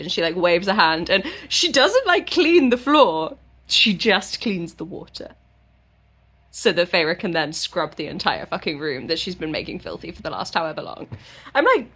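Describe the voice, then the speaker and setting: A woman vlogger recapping a book in a casual, irreverent way, now and then swearing. Her voice sits a little low for a woman, and she keeps the tone chatty throughout. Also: animated, moderate pace, a bit bright.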